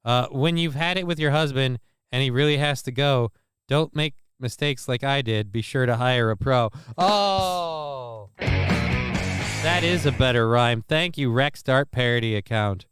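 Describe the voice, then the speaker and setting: A man's voice: mid-range voice, normal speed, a bit bright, smooth, no echo, clean studio sound, faint music behind. A man giving casual, rambling, sarcastic commentary as he reacts to a video.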